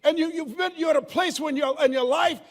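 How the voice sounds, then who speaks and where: An older man giving a motivational speech to a live audience, telling stories with emphasis, often shouting and laughing. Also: very high-pitched, fairly quick. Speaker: motivational speaker. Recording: long hall reverb.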